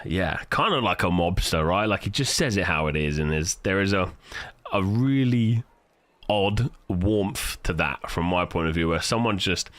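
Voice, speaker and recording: A British man streaming live, chatting casually and telling stories in a profane, animated way. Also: low voice, measured pace, no room sound. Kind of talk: casual livestream chat.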